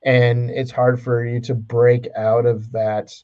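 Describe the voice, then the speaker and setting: A man's voice: mid-range voice, little pitch movement, slow pace, lo-fi sound. A man co-hosting a casual podcast, talking with many fillers and restarts. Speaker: podcast co-host. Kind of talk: casual chat.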